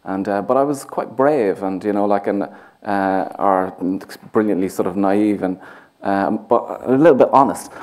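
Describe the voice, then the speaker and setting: A playwright with a Dublin Irish accent talks onstage before a theatre audience, rambling and self-mocking, with plenty of fillers. His voice is fairly low and darkish, at normal speed.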